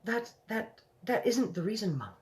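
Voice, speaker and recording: A woman's voice: on the high side, big pitch swings, normal speed, a little mellow, voice pushed up. A woman reading a storybook aloud and voicing a nervous middle-aged maid who stammers and quivers deferentially. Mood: shaken.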